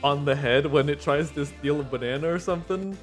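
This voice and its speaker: A man's voice: on the high side, a little fast, faint music behind. A man chatting casually on a livestream. He rambles, swears and laughs often. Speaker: streamer.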